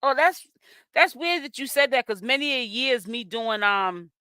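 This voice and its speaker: Here's a host of a celebrity gossip channel, originally from Boston, Massachusetts, whose Boston accent comes through as she reads the chat on a live stream. Her medium-pitched voice has lively intonation and a pushed, bright, clean tone, and her manner is sassy and chatty with long, stretched exclamations. It's a dry recording with clean studio sound.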